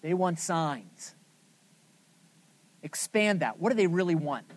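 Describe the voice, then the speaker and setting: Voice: medium pitch, expressive, slow. A Bible study teacher leading a scripture lesson, asking the group questions and then answering them with emphasis.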